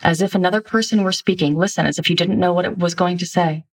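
A woman's voice: fairly low pitch, quick pace, distant mic. A woman talking as a relationship coach, giving direct, emphatic self-help instruction in a blunt manner.

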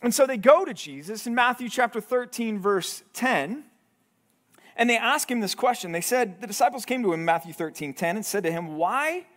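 A male pastor with a higher-than-usual voice leads a Bible study in a relaxed, conversational way. He keeps asking his listeners questions and acts out the lines he quotes. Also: a little fast. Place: church hall.

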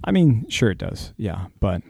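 Mellow-voiced man co-hosting a Bible podcast. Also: lowish voice, very animated, normal speed, creaky, slightly rough, dry recording, studio quality. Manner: joking banter turning to earnest teaching. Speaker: podcast co-host. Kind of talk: casual Bible-reading podcast chat.

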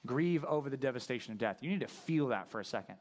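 A man preaching a sermon as pastor, talking conversationally and asking the congregation questions, dropping to a hushed voice at sad moments. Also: mid-range voice, animated, fast talker.

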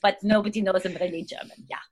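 A woman's voice: medium pitch, steady tone, quick pace. A woman in her fifties, a guest actress chatting casually, rambling through her thoughts and laughing often. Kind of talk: casual chat.

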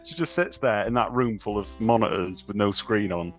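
A man's voice: fairly low pitch, moderate pace, soft background music. A man co-hosting a podcast, summarising a film's plot in a dry, wry, casual way. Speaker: podcast co-host. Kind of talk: casual chat recapping a film.

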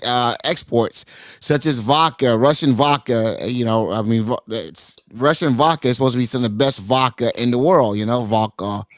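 A man's voice: medium pitch, fairly bright tone, dry recording, studio quality. A man on a live panel talking casually, rambling with many fillers and growing emphatic. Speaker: panel guest.

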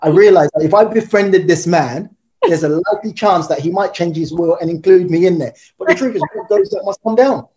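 Man guest, animated storyteller, dark mellow voice, quick delivery. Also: high-pitched, lo-fi sound. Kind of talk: storytelling interview talk.

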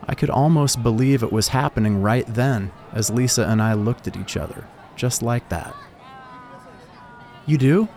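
A man narrating a first-person story in a calm, reflective way. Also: mid-range voice, moderate pace, few pauses, a little hiss or hum.

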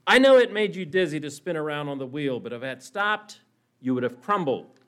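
A man voicing a patient master potter in a storytelling sermon, speaking softly and unhurried. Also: animated. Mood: gently explaining. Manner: soft, low, unhurried. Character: calm patient old master potter, firm.

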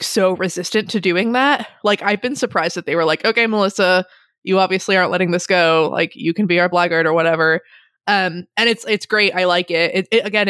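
A woman's voice: on the low side, a bit bright, no room sound, studio quality. A woman in casual chat about a book, rambling and laughing often as she retells scenes. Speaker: book podcast co-host.

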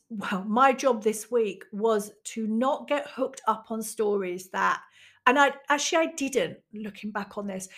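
A woman's voice: fairly high pitch, a bit bright. A woman, a teacher of emotional skills, talking frankly and reflectively about her own experiences and swearing casually. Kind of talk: candid personal monologue.

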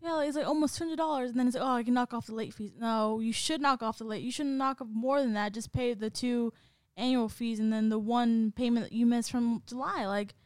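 A woman's voice: fairly high pitch, steady tone, fairly quick, darkish tone, smooth, no room sound, studio quality. A young woman co-hosting a podcast, telling a story in casual chat with lots of fillers and restarts. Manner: rambling, filler-heavy storytelling. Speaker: podcast co-host.

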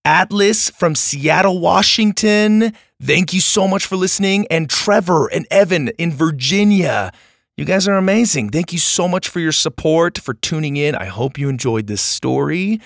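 A man's voice: on the high side, animated, normal speed, creaky, a bit bright, no room sound, clean studio sound. A man hosting a story podcast, chatting upbeat and friendly to his young listeners in a casual outro. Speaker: podcast host.

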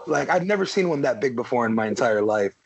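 A man's voice: mid-range voice, expressive, quick pace, vocal fry, husky, low-quality recording. A man in a casual podcast chat, rambling with lots of fillers and freely swearing. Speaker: podcast panelist.

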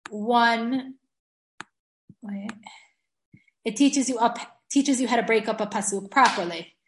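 A woman's voice: fairly high pitch, slow pace, echoey room, slight background noise. A woman teaching an online class, chatty and enthusiastic, often laughing and restarting her sentences. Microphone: video call.

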